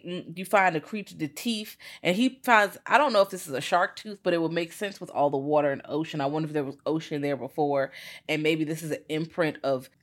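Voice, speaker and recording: A woman co-hosting a podcast, chatting casually and profanely about a horror film and acting out her own reactions. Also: lowish voice. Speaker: podcast co-host. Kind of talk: casual film review chat.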